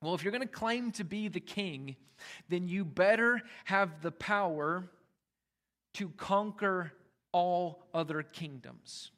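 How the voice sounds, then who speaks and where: A man with a fairly high voice preaches a sermon as the pastor. He talks in an easy, conversational way, leaning hard into key words and then dropping to a hush. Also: slow pace. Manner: conversational preaching with emphatic rises and quiet drops.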